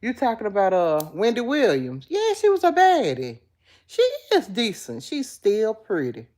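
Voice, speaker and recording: A woman's voice: mid-range voice, wildly swooping pitch, unhurried, darkish tone. A woman hosting a casual livestream, chatting with viewers, reading their comments aloud and calling them girl and baby. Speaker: livestream host.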